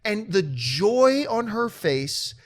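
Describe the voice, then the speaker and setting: A man hosting a movie show, chatting casually and telling a story with lively mimicry of other people. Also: slow pace. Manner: animated storytelling, mimics others in high excited voice. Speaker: show host. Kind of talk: casual chat.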